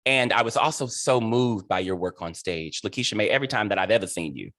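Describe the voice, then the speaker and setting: Effusive low-voiced man hosting an interview. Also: animated, a little fast, fairly bright tone, no echo, clean studio sound. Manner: emotional, effusive, laughing. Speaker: host and director. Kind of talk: heartfelt interview introduction.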